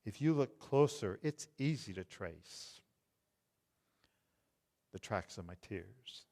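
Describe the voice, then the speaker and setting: A middle-aged man preaching a tender, hushed sermon as pastor. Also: fairly low pitch, animated, big-room sound. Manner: slow, tender, hushed delivery.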